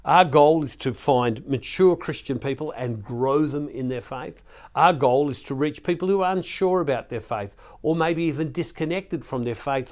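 A man's voice: mid-range voice, a little mellow. Earnest male preacher, pleading tone. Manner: earnest, pleading, emotional at times; repeats words and restarts. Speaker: Catholic preacher. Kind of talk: devotional sermon to camera.

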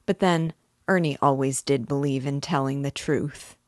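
A stern homesteader, curt and unbending in every word, as a woman reads him aloud. His voice comes out low and dry, close to the listener. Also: steady tone, moderate pace, no echo. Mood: firm. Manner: curt, firm. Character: stern, firm male homesteader. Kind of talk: reading a novel aloud.

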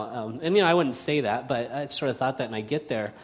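Male pastor, mid-pitched, relaxed and self-mocking sermon delivery, echoing church hall. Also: quick pace, hardly any pauses. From United States, raised in Spain. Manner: casual, self-deprecating, many fillers and restarts.

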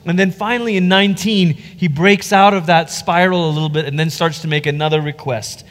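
A man who is a pastor, teaching from the Bible in an animated way. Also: fairly high pitch, a little fast, big-room sound. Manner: animated, acts out quoted voices.

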